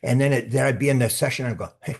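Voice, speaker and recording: A man's voice: medium pitch, rapid-fire, creaky, husky. A man talking as a podcast guest in a casual, storytelling way, often restarting and repeating words as he goes. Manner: acts out quoted speech in his stories.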